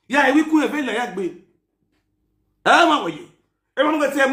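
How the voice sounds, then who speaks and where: A man giving a scolding, mocking rant that mixes Pidgin and Yoruba, often shouting. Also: very high voice, animated, fairly quick, pauses often, reverberant. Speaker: commentator. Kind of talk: ranting commentary.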